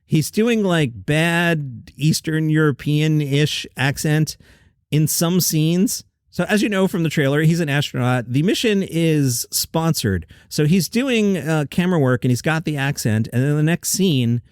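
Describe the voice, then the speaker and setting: A man's voice: a little high, animated, unhurried, clean tone, dry recording, clean studio sound. A man hosting a comedy news podcast, chatty and opinionated, reading listener comments aloud.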